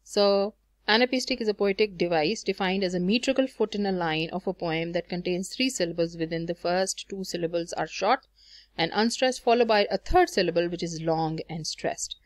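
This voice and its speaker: A woman's voice: mid-range voice, dry recording, studio quality. A woman teaching a lesson on poetic meter, explaining patiently with frequent fillers and self-corrections. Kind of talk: recorded lecture on poetry.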